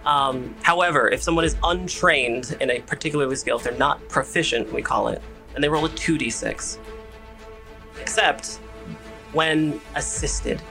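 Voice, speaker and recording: Male game master, gravelly and bright, hesitant rule-explainer. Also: on the high side, moderate pace, soft background music, poor audio. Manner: explanatory, hesitant with many fillers. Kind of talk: narrating a tabletop game.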